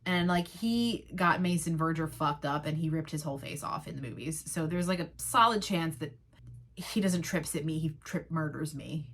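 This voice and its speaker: A young woman talks through a TV episode on her own podcast, dry and sarcastic, swearing freely. She slips into quick mocking voices for the characters, and her speaking voice sits on the low side for a woman. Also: fairly bright tone. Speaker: podcast host. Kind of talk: casual solo recap chat.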